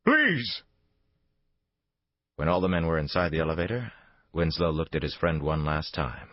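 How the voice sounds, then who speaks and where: A man narrating a thriller audiobook in a measured, dramatic storytelling manner. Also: rumbling low, steady tone, dry recording. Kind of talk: scripted narration. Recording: dull lo-fi dry recording.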